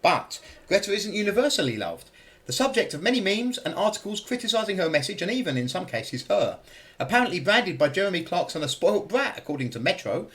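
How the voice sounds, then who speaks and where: A man's voice: fairly high pitch, fairly bright tone. A man hosting a political discussion podcast, leading topics and putting questions to his guests. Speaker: podcast host. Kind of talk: round-table political discussion.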